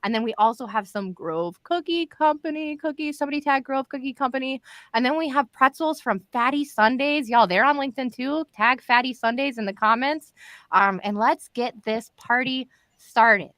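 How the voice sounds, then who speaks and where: A woman's voice: high-pitched, moderate pace, fairly bright tone, no room sound. A woman hosting a live stream from home, chatty and upbeat, calling the viewers y'all. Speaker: host of a live show. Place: home in Florida.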